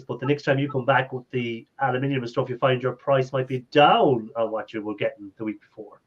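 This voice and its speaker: A man's voice: medium pitch, fairly even intonation, normal speed. A man chatting easily in a casual talk, laughing often. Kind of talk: casual chat. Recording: dull lo-fi sound.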